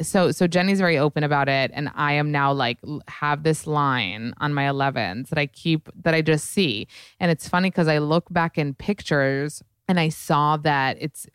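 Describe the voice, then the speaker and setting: Woman, podcast host, low pitch, smooth resonant voice, chatty, rambling, close mic. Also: moderate pace, dry recording. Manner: chatty, rambling, many likes and you-knows. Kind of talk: casual solo podcast chat.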